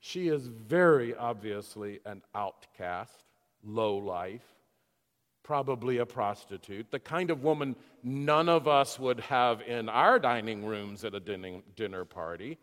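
A man's voice: mid-range voice, lively intonation, unhurried, a bit bright. A male preacher retelling a scripture story dramatically, then reflecting on it in a sermon. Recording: long hall reverb.

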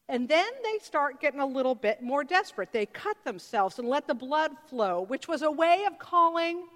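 A woman with a high voice delivers a sermon, telling the story with animated energy and slipping into character voices. Her words carry the long reverb of a large sanctuary. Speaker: preacher.

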